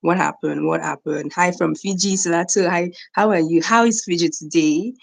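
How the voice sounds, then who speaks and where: With a gravelly, fairly low voice at a moderate pace, a young Nigerian livestream host chats casually with her morning audience, greeting people by name and often saying things twice.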